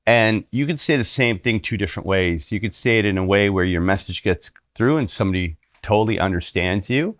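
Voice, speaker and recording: Earnest deep-voiced male facilitator. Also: animated, brisk, few pauses, fairly bright tone, no room sound, clean studio sound. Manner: earnest, acts out voices in stories. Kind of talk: teaching talk with storytelling.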